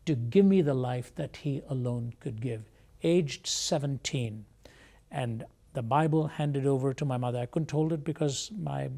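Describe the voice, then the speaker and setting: A man as an interview guest, telling a personal testimony in a measured, reflective way. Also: medium pitch, gravelly, dark tone. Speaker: guest speaker.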